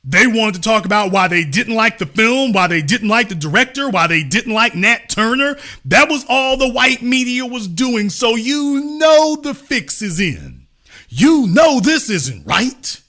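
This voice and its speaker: A man's voice: high voice, bright, forceful tone. A middle-aged man hosting a live-streamed commentary monologue, emphatic and repetitive with a preacher-like cadence and casual swearing. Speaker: host.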